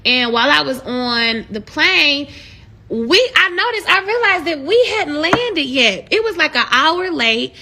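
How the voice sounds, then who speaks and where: Woman, high bright voice, casual live-stream talk, animated and preachy, rises to excited shouts. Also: unhurried. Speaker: live streamer encouraging viewers.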